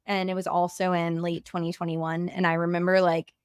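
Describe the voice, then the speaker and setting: A woman's voice: on the low side, flat delivery, brisk, smooth, dry recording, studio quality. A young woman hosting a podcast, chatting casually in a bubbly, gushing way and saying "like" often. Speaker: podcast host.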